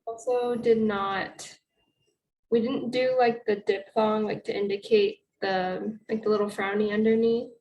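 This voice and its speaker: A woman's voice: medium pitch, steady tone, unhurried, highs cut off. A woman student asking the teacher a hesitant question in class. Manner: hesitant, uses filler like.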